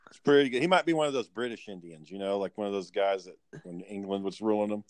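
A man's voice: lowish voice, fast, no room sound. A man hosting a podcast in casual chat, a profane, rambling storyteller. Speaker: podcast host.

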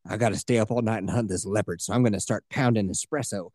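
A man voicing a curt, deadpan big-game hunter in a story he is retelling on a podcast. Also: on the low side, quick pace, dry recording, clean studio sound, voice pushed down, natural voice. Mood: gruff. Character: gruff laconic male big-game hunter.

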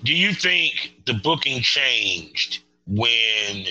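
A man's voice: medium pitch, big pitch swings, extremely slow, pushed and bright, low-quality recording. A man hosting a casual interview, asking questions emphatically and repeating himself. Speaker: host.

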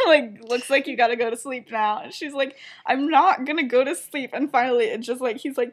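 A young woman with a fairly high voice chats on a podcast, retelling a fan story. She giggles often, leans on fillers, and slips into quick acted-out quotes for each character. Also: breathy edge. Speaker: podcast co-host.

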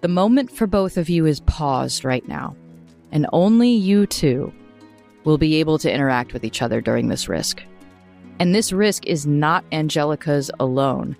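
A woman narrating a tabletop role-playing game as game master, in a slow, descriptive storytelling manner. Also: sits low, animated, vocal fry, a little mellow, faint music behind.

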